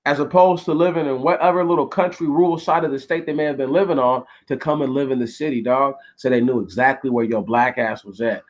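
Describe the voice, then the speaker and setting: A man hosting his channel, reading a history text aloud haltingly with restarts and stopping often to comment bluntly, with plenty of swearing. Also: medium pitch, fairly even intonation, low-quality recording. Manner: blunt and profane, stops often to rant. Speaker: channel host.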